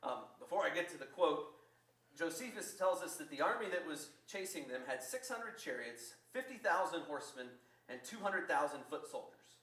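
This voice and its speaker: Man preaching, lively storyteller, fairly high voice, echoey church, heard from a distance. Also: normal speed. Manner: lively storytelling, acting out quotes. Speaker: pastor. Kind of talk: sermon.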